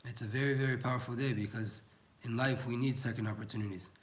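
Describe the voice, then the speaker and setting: A man's voice: mid-range voice, fairly even intonation, fast. A young man giving an informal Torah class, earnest and pleading, mixing in words. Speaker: Torah teacher.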